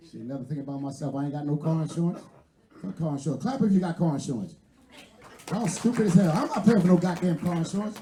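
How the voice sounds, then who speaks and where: A man's voice: sits high, animated, brisk, mellow, roomy sound. A man from West Philadelphia with a Philadelphia accent, doing a brash, profane stand-up set with crowd work at a live venue. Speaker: stand-up comedian.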